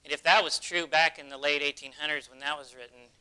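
A man's voice: a little high, fairly even intonation, quick pace, sharp tone, smooth, poor audio. A man preaching a sermon, telling stories in an earnest way. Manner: earnest storytelling.

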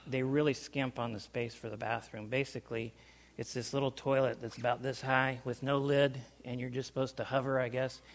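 Man telling a lively personal story. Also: medium pitch. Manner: animated, loudness rising and falling, acts out sounds. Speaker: speaker recounting life overseas. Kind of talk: personal storytelling to a small group.

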